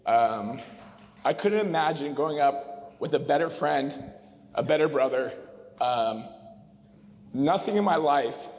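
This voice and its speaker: A man's voice: a little high, a little hiss or hum. Heartfelt man toasting in an echoing hall. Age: 30s. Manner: emotional, heartfelt, rambling with fillers. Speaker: best man giving a wedding toast. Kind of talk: wedding toast speech. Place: wedding reception hall. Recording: long reverb of a reception hall.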